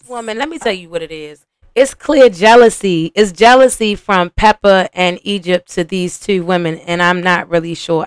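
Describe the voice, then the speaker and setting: Animated woman reacting to reality TV. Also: mid-range voice, smooth, dry recording. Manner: animated, profane, talks to viewers as y'all. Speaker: podcast host reacting to a reality show. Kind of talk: casual reaction commentary.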